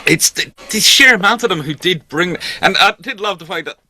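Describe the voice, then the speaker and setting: A man hosting a history channel, chatting casually with a guest and acting out quick voices in his stories. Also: high-pitched. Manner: animated, acts out voices in anecdotes. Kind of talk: casual conversation.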